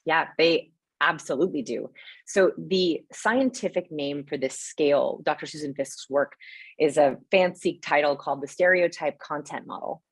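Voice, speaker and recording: A young adult woman answering webinar questions as a guest expert, animated and explanatory, often checking in with "right?". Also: sits low, husky, no room sound. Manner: animated, explains with quick asides and rhetorical "right?". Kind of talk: live webinar Q&A.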